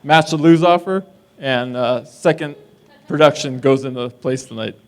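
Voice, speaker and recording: A man of medium pitch and moderate pace delivers a humorous best man's speech at a wedding held in a distillery, ribbing the guests with jokes.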